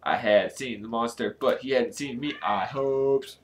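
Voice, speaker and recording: A man casually reading a storybook aloud, with a lively delivery and joking asides. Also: mid-range voice, a little slow. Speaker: channel host reading aloud.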